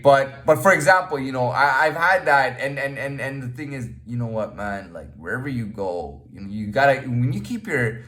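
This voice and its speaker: A man's voice: mid-range voice, a bit bright. Rambling man muttering to camera. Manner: rambling, with many restarts and "you know what I mean". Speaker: vlogger. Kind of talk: casual monologue to camera.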